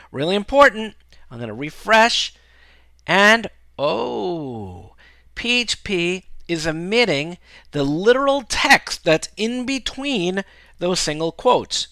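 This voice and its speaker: Male tutorial host, casual and upbeat, lively bright delivery, dry close mic. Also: a little high, no room sound. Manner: casual, upbeat, often checks in with "right?" and "okay?". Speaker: programming instructor. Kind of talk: screencast coding tutorial.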